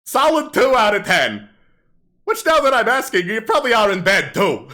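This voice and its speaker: Guy doing a sleazy kobold comic, higher voice, bouncy and bright, cracking cheesy jokes. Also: very animated, moderate pace, heavily acted. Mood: smarmy. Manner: brash, corny joke-telling to a crowd. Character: sleazy male kobold stand-up comic in a gilded mask. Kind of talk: actual-play tabletop game.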